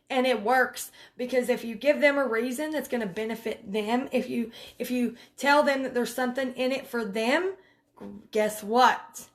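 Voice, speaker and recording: A woman gives her sales team pointers in a loose, live-video way. Her voice sits a little on the high side, and she talks chattily, circling back and hammering points with firm commands. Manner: chatty and emphatic, with frequent restarts and direct commands. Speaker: direct sales team leader. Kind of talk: casual live coaching video.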